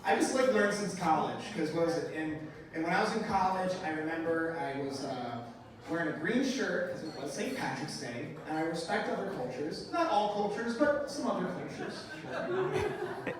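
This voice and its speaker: A man with a high, bright voice performs a stand-up set on a club stage, brash, profane and mock-outraged. He sounds roomy and from a distance, with an audience laughing clearly around him. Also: sing-song, normal speed. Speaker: stand-up comedian. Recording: roomy live club sound, mic heard from a distance, crowd.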